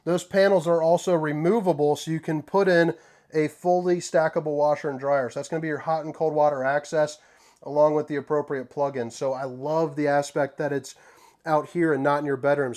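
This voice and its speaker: A man hosting a casual walkthrough tour inside an RV, talking in a folksy, joking way with relaxed slang. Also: on the high side, brisk. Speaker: RV tour host.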